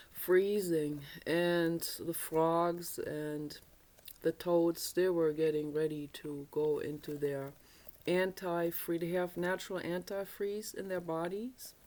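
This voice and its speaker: A woman's voice: on the low side, steady tone, slow, dark tone. A woman from Germany, telling a childhood story in a rambling, chatty way that corrects itself as she goes. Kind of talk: casual storytelling.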